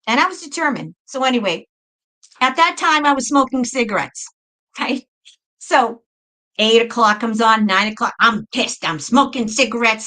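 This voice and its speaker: A middle-aged woman from New talks straight to her viewers in a loose, unscripted monologue. She is blunt and swears freely, stumbles and repeats herself as she goes. Her voice is bright, forceful and a little high. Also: animated, a little slow, long pauses, rough recording. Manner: blunt, profane, repeats and restarts. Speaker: spiritual video host. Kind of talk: casual storytelling monologue.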